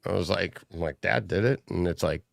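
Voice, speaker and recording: A man's voice: sits low, brisk, creaky, no room sound, studio quality. A middle-aged man, a podcast guest, telling rambling family stories in casual chat and laughing as he goes. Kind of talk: casual storytelling.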